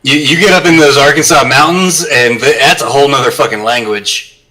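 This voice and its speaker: Blunt man over loud crowd noise. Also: medium pitch, brisk, poor audio. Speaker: caller. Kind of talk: casual chat.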